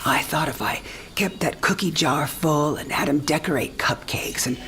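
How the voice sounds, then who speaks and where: An actress playing a frank, tender mother in her sixties who is dying, speaking in a breathy half-whisper in a game cinematic. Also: deep voice, moderate pace, a bit bright. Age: 60s. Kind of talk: video game cinematic acting.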